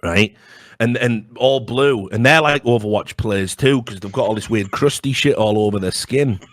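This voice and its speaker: On a casual comedy chat, a male podcast co-host spins rambling, profane stories and bursts into sudden high-pitched outbursts. He talks at a moderate pace, and the sound is clean studio audio with no echo.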